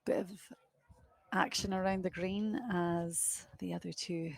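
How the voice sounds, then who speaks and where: A woman's voice: fairly low pitch, steady tone, a little slow, creaky, dry recording. Young woman, live golf commentator, windy outdoor course, chatty and self-mocking, dry close sound. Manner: chatty, self-deprecating, laughs at herself.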